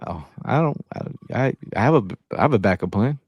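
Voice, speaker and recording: A man's voice: mid-range voice, expressive, brisk, darkish tone, breathy edge, no echo. A man co-hosting a casual podcast, telling stories emphatically and repeating himself as he goes. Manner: storytelling, emphatic, repeats phrases. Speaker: podcast co-host. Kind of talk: casual sports podcast banter.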